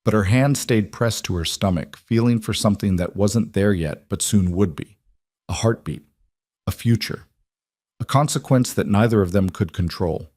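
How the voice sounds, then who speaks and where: A man giving measured, scripted audiobook narration of a romance story. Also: fairly low pitch, a little mellow, no room sound, studio quality.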